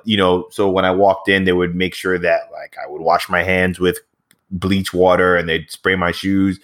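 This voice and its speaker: Man, very deep voice, interviewer, conversational, rambling, lots of fillers. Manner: relaxed, rambling, many fillers.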